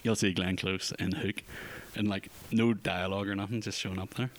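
A man co-hosting a podcast, chatting casually about films in a rambling, jokey, animated way. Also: sits low, brisk, noisy background. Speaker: podcast co-host. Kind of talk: casual film chat.

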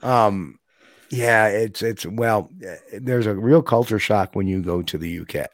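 A chatty man co-hosting a relaxed talk show, his voice sitting on the low side. He laughs often and slips into quick, playful accent impressions. The sound is dry and close, with no room around it. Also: no room sound. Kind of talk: casual chat.

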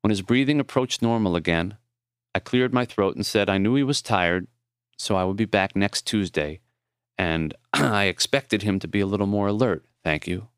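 A man narrates his own memoir for an audiobook in a low, smooth, resonant voice. His storytelling is measured and tender. The recording is close and dry, with no room sound. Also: animated, no room sound.

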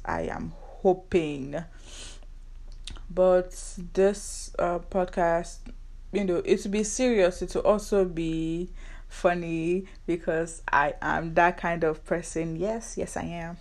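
A young woman in her twenties with a Nigerian accent hosts her own podcast. She talks casually in a slightly low voice, full of sarcasm and banter. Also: a little slow, a little mellow. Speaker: podcast host. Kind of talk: casual solo podcast chat.

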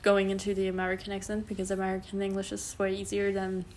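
Talking fast with a completely flat delivery, this German woman in her early twenties, around 20, has a medium-pitched, slightly mellow voice with a bit of hiss or hum. She hosts a casual solo podcast, rambling in English with a German accent and frequently filling pauses and correcting herself.

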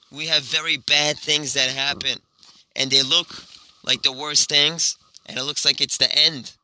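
A rabbi telling an inspirational story in an animated way, with a lot of repetition. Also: male voice, a little high, slight background noise, rough recording.

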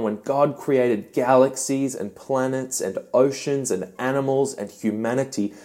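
A young man, a youth pastor, giving an earnest devotional teaching talk with gentle, emphatic pauses. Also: mid-range voice.

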